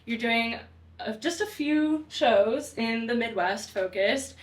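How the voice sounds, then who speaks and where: A woman's voice: fairly high pitch, lively intonation, takes it slowly. A young woman hosting a casual interview, upbeat and chatty, often agreeing with her guest. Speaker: interviewer, show host. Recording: echoey room.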